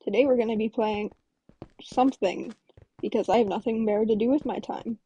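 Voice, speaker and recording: A young woman giving chaotic, erratic gameplay commentary, jumping from mutters to sudden yells. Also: a little high, fairly even intonation, brisk, highs cut off, slight background noise. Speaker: gaming YouTuber.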